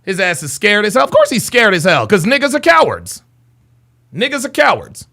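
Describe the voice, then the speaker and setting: A young man hosting a livestream rants heatedly at his chat, brash and taunting, repeating himself. His voice is high and sharp, swooping wildly in pitch at a moderate pace.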